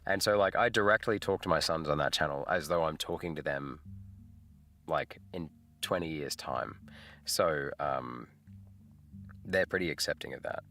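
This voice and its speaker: A man's voice: very deep voice, normal speed, pauses often, bright, forceful tone, soft background music. A middle-aged man, hosting a casual livestream chat, laid-back and rambling, laughing often. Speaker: livestream host. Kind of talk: casual live chat with viewers.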